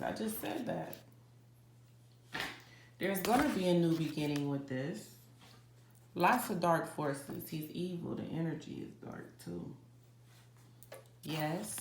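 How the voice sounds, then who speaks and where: Brief: woman tarot reader, low voice, dramatic and chatty with viewers, roomy kitchen echo. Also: a little hiss or hum. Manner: dramatic, talks straight to viewers with "y'all". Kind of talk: casual psychic reading to camera. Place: home kitchen.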